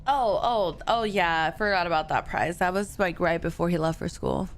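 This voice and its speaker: A woman's voice: fairly low pitch, animated, normal speed, a little hiss or hum. A young woman streaming a game, chatting casually, thanking viewers and answering chat. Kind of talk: casual live-stream chat while gaming. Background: faint music.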